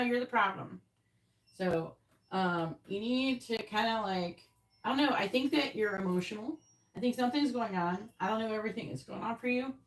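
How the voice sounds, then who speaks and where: A woman hosting a tarot live stream scolds a viewer in chat, exasperated, blunt and heavily profane. Her mid-range voice is recorded off mic from a distance, with a roomy echo.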